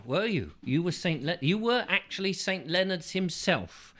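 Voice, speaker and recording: Bright-voiced rambling joker host. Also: male voice, high-pitched, lively intonation, moderate pace, hardly any pauses. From England. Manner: rambling, jokey asides. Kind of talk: casual chat.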